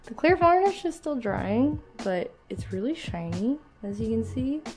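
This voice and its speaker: A woman's voice: on the high side, sing-song, unhurried, a little mellow, reverberant, faint music behind. A young woman with a congested sick voice, chatting casually and self-deprecatingly about a craft project she made. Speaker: cosplay maker.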